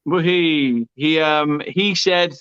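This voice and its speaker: A man's voice: on the high side, slow, fairly bright tone, smooth, no echo. A man hosting a live football watchalong, reading out viewer comments and cracking jokes, often repeating his words. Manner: chatty, jokey, stumbles and repeats words. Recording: dull lo-fi stream audio.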